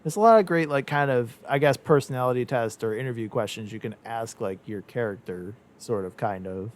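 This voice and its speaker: A man's voice: mid-range voice, brisk. A young man hosting a casual podcast chat, rambling with lots of fillers and frequent laughs. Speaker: podcast host.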